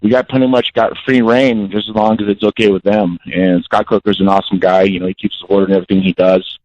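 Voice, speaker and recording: A man's voice: lowish voice, level tone, fast, darkish tone, slight background noise. A man in his forties calling in by phone to an interview, talking bluntly and intensely and repeating himself. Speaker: guest fighter calling in. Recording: dull lo-fi call-in audio.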